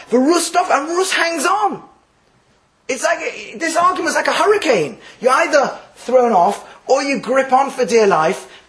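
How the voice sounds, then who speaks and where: Man, high voice, Torah class, animated, acts out quotes, frequent restarts. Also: low-quality recording. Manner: lively, acts out quotes, Hebrew terms mixed in, restarts. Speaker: Torah teacher.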